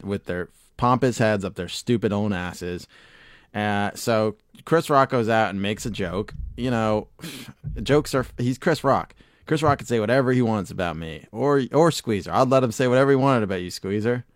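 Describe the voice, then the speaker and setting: A man's voice: on the low side, normal speed, no echo, studio quality. A man co-hosting a podcast in casual chat, rambling and swearing freely, laughing often. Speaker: podcast co-host.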